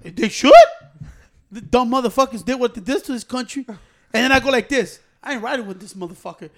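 A young man telling a story in casual chat with friends, profane and animated, breaking into laughs. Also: extremely high pitch, fairly quick. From Hispanic American.

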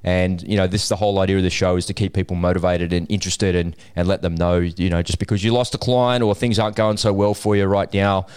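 A man's voice: low voice, fast talker, few pauses, clean tone. A man hosting a casual business podcast, chatty and encouraging, telling stories about tradespeople. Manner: chatty storyteller, relaxed and encouraging. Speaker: podcast host.

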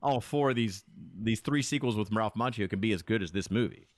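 A man's voice: on the low side, brisk, no room sound. A man speaking as a podcast guest in casual chat, enthusiastic and talkative, often restarting his sentences. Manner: chatty, enthusiastic, with frequent restarts.

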